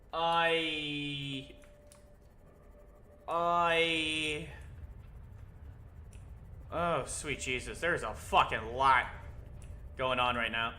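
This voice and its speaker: A young man giving casual, excitable commentary while playing a video game, swearing often and yelping when startled. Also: mid-range voice. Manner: excitable, swears a lot, yelps when scared. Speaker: gaming video host.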